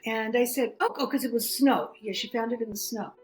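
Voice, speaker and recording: A middle-aged woman, a podcast guest, telling a personal story in animated casual talk. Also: fairly high pitch, brisk, soft background music, low-quality recording. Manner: animated, chatty, acts out quoted voices.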